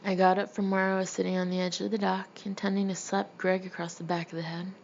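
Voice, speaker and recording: A woman reads her own comic memoir aloud in a wry, deadpan way, her voice in the middle of the range. The recording sounds a little dull, with a faint hiss underneath. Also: mid-range voice, quick pace, vocal fry. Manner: wry, deadpan humor with frequent laughs. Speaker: audiobook narrator. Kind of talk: first-person memoir narration.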